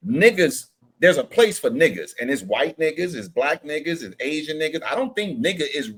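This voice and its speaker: A man with a slightly high voice argues his case calmly on a panel call. He picks his words with care and keeps a measured, questioning tone. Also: breathy edge. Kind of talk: panel debate.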